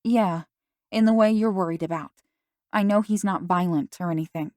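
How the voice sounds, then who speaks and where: A woman's voice: fairly low pitch, moderate pace, a little mellow, no room sound, clean studio sound, natural voice. A woman voicing a teenage girl who defends her friend emphatically, in an audiobook. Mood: uncertain. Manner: insistent, emphatic. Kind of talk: audiobook dialogue.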